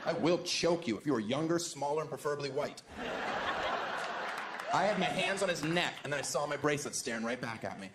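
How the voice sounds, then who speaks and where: An expressive American man with a fairly high voice works through a fairly quick stand-up routine before a live crowd in a large venue. He mixes sarcastic, provocative lines with abrupt exaggerated voices, and heavy background noise from the echoing hall's laughter and applause surrounds him.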